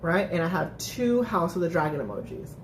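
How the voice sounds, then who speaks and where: A woman's voice: fairly low pitch, expressive, brisk, a little hiss or hum. A woman hosting a casual live-stream recap, chatting with viewers, laughing often and restarting her sentences. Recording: echoey room.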